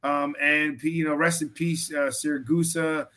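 Bright-voiced man hosting sports chat. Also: a little high, level tone. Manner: rambling, restarts, reads a quote haltingly. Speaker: podcast host.

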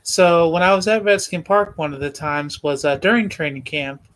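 A man co-hosting a casual sports podcast, explaining things in a relaxed way with fillers. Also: fairly high pitch, moderate pace. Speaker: podcast co-host.

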